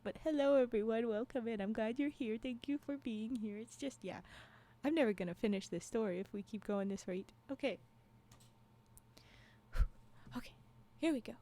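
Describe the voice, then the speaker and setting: Woman, streamer, casual chat with viewers, somewhat high voice, rambling, giggly. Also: normal speed, long pauses, mellow. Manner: rambling, giggly, laughs often; frequent restarts and trailing asides. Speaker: livestream storyteller.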